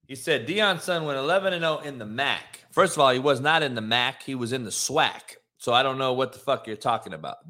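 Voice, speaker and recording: A man's voice: mid-range voice, pushed and bright. A man hosting his own live stream, talking loosely and rambling, then ranting profanely at people in his chat. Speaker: live show host. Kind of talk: casual live-stream talk.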